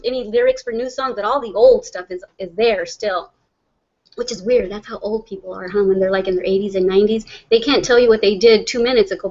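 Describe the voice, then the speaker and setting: A middle-aged woman with a drawl chats through a casual livestream, reading comments aloud and rambling with plenty of laughs. Her voice sits a little high, and the audio comes through somewhat dull and muffled. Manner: chatty and rambling, laughs often. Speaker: livestream host.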